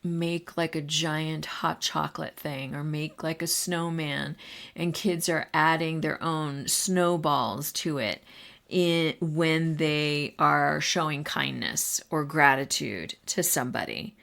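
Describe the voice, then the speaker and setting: Lower-pitched woman giving casual teaching advice. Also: takes it slowly, vocal fry, fairly bright tone. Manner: conversational, addresses listeners directly. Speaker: podcast host and teacher.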